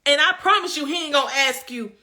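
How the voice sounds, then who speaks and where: Bright, emphatic woman giving pep talk. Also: sits high, fast talker. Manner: preachy, emphatic, talks straight to viewers; colloquial, folksy. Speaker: lifestyle vlogger. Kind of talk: motivational self-care talk.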